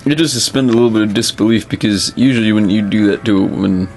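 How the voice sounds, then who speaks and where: A fairly low-voiced man talks casually about old comics, stumbling and restarting as he goes. He drops dry asides, with faint music behind him. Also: quick pace, darkish tone. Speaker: co-host. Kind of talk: casual chat.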